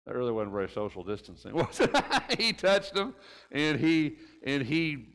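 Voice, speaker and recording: A man's voice: a little high, big pitch swings, normal speed. A man teaching a conversational Bible class in church, in a folksy way, often tagging his points with questions like "right?" and "didn't he?". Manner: folksy, keeps asking rhetorical tag questions. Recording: reverberant church room.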